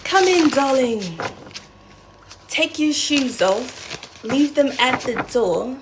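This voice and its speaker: A woman's voice: high voice, animated, unhurried, pitched above the performer's own voice. A woman voicing a genteel British hostess offering tea, in a playful mock-posh welcome over noisy background hiss.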